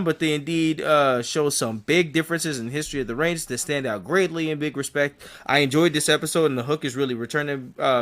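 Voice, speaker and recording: A man's voice: mid-range voice, a bit bright. A young man co-hosting a podcast, chatting casually and animatedly, swearing freely and acting out quotes in other voices. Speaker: podcast co-host. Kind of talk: casual chat reviewing a TV episode.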